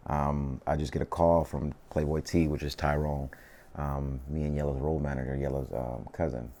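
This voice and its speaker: A man's voice: extremely low pitch, fairly even intonation, moderate pace, mellow. A man, a rapper telling stories in a casual interview, slangy and laid-back, often saying "you know what I mean".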